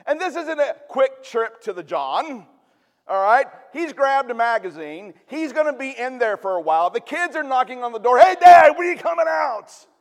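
A man's voice: very high-pitched, big pitch swings, normal speed, a bit bright, big-room sound. A man preaching a sermon in a conversational way, with humorous asides. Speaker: pastor.

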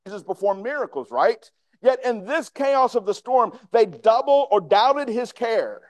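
Man, pastor, sermon, high voice, conversational, asks the room questions, dry sound. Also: a little mellow, dry recording.

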